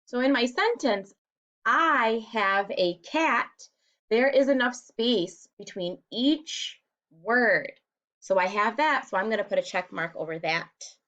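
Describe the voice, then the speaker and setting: A woman teacher speaks slowly and deliberately, the way you talk to young children learning to write. Her voice sits a little high. The recording is dull and lo-fi. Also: lively intonation, a bit bright. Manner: slow, deliberate, encouraging classroom delivery.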